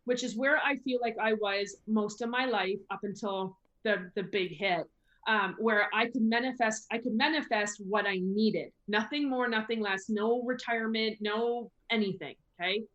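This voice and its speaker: A woman guest on a casual podcast, talking about money in a lively way and acting out her own thoughts. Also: fairly high pitch, normal speed, muffled recording. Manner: lively, acts out her own inner talk. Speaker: guest business consultant.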